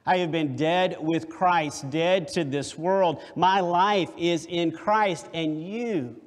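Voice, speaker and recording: A man preaching voices a steadfast old Christian martyr who calmly and resolutely defies a king, in a long hall reverb. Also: on the high side, slow pace. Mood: serene defiance. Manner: calm, resolute defiance.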